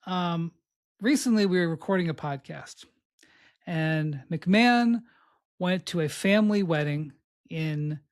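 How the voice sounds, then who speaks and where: A man hosting a podcast remotely from abroad, telling a story in a casual, animated way and acting out what others said. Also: on the high side, a little slow. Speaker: podcast host.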